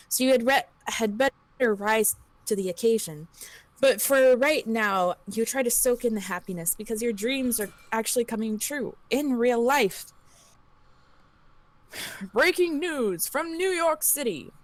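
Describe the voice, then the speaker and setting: A woman reading an interactive story aloud on a livestream, steady with small slips. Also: medium pitch, no room sound.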